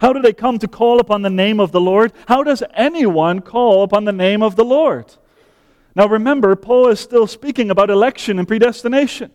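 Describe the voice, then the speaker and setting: Man, pastor, sermon, high voice, smooth resonant tone, church hall reverb. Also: a little mellow. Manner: measured preaching with rhetorical questions.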